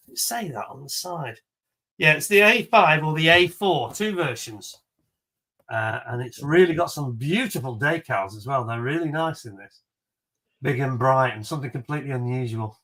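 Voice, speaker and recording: In a casual live-stream chat, a man hosts a charity auction of model kits, laughing often and enthusiastically talking up each one. His voice sits a little high and has a sharp tone.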